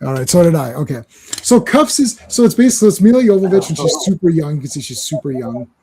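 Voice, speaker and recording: A man hosting a casual movie chat, animated and acting out scenes as he retells a film. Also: a little high, fast talker. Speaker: podcast host.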